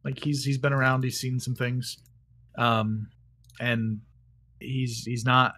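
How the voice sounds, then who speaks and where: A man's voice: medium pitch, level tone, slow, sharp tone. A man narrating casually as game master, rambling with lots of fillers and restarts.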